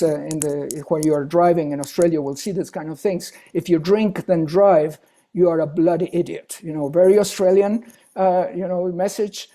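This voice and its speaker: Man, guest lecturer, mellow tone, halting delivery with frequent "isn't it?" tags. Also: on the high side. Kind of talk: academic webinar lecture.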